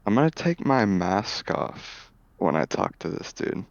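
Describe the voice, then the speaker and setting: A man's voice: lowish voice, sing-song, a little slow, creaky, no room sound, highs cut off. A man playing a tabletop game, asking hesitant questions for his character. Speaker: player. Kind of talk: casual tabletop play.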